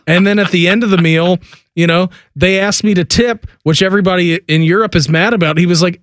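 A man's voice: sits high, steady tone, fairly quick, dry recording, clean studio sound. A man hosting a sports radio show, chatting casually and laughing through his stories.

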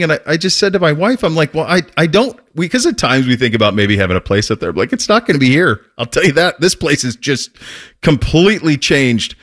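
A man hosting a talk show, telling a casual, animated story with frequent restarts and laughs. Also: on the high side, brisk. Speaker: host.

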